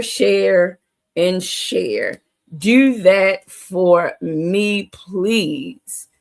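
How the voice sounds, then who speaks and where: A woman hosts a motivational livestream from home, talking slowly and deliberately at a mid pitch. She leans on emphasis and repeats her catchphrases while calling out to the chat. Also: creaky. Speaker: livestream host.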